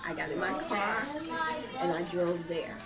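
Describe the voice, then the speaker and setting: Woman calmly recounting events. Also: on the low side, unhurried, gravelly, low-quality recording. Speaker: interviewee. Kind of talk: personal storytelling.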